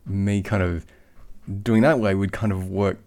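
A man's voice: deep voice, fairly even intonation, measured pace, a little mellow. A man with an Australian accent hosting a casual interview, talking hesitantly with many restarts. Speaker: podcast host.

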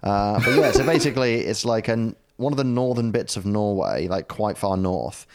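A man's voice: lowish voice, animated, moderate pace, a little mellow. A man with a New Zealand accent chatting casually on a podcast, rambling and joking, often laughing. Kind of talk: casual chat.

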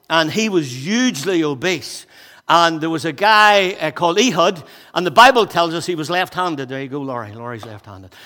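Breathless preacher in a reverberant hall. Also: male voice, on the high side. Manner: energetic, conversational preaching with jokes and asides. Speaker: pastor. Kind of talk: sermon.

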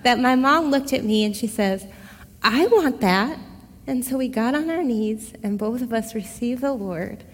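A middle-aged woman telling a personal testimony in a casual, expressive way, speaking straight to her listeners. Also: fairly high pitch, normal speed, few pauses. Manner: conversational, expressive, addresses listeners directly. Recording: long hall reverb.

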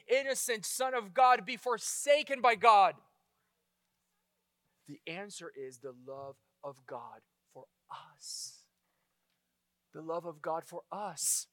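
Impassioned high-voiced male preacher. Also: takes it slowly, long pauses, no room sound, studio quality. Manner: impassioned, swings from loud exclamations to hushed intensity. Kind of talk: sermon.

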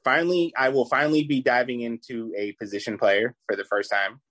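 A man's voice: medium pitch, fairly even intonation, a little fast, a bit bright, no room sound, low-quality recording. Laid-back podcast man, dry sound. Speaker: podcast co-host. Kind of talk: casual chat.

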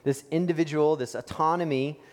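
A male pastor with a fairly high voice and fairly even intonation preaches a little fast in a church sanctuary. He tells his sermon conversationally like a story, using fillers and rhetorical questions, and the recording carries long church reverb.

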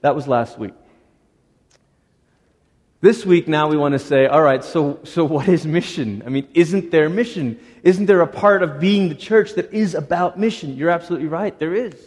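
A middle-aged man preaching a sermon as a pastor, lively and conversational, now and then acting out the voices of people in the story. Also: fairly high pitch, moderate pace. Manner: animated, acts out voices of Moses and God. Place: church sanctuary. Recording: long reverb of a church hall.

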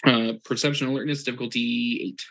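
A man running a tabletop roleplaying game as storyteller, narrating scenes and calling for dice checks in a relaxed, easygoing way. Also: mid-range voice, brisk.

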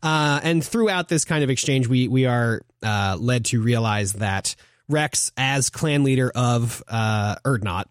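A man's voice: medium pitch, measured pace, smooth, no echo, clean studio sound. A man co-hosting a podcast in casual chat, rambling with lots of filler words and acting out quoted lines. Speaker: podcast co-host.

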